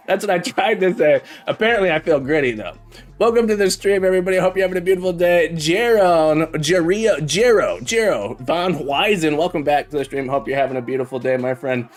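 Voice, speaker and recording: A man's voice: high-pitched, brisk. A man teaching programming on a live stream, chatting casually and joking as he greets viewers by name. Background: faint background music.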